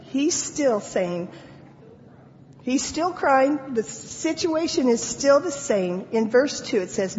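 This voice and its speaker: A woman preaching at an unhurried, measured pace, her voice carrying a long reverb through a hall. The audio is dull and lo-fi, with a faint hiss underneath. She reads the scripture passages with earnest feeling and lets pauses sit. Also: high-pitched, sing-song, darkish tone. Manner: slow, deliberate delivery. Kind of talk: sermon.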